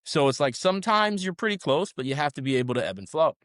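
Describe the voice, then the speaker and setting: A man guest on an interview podcast, telling animated stories and often ending his points with "right?". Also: a little high, quick pace, no echo, clean studio sound. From South Florida. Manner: animated storyteller, tags many sentences with "right?". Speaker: restaurant management co-founder, guest. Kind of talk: conversational interview.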